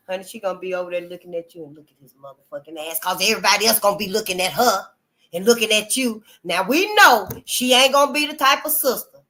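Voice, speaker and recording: Her voice sits at a medium pitch and has a sharp edge. As host of her own channel, she speaks casually and frankly to viewers, emphatic and earthy, addressing them as honey and y'all.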